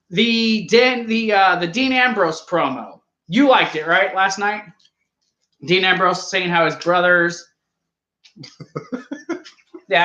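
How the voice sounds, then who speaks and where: A man's voice: high voice, pushed and bright, echoey room, dull audio. A man co-hosting a casual wrestling review show, talking loosely and swearing offhandedly. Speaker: podcast co-host.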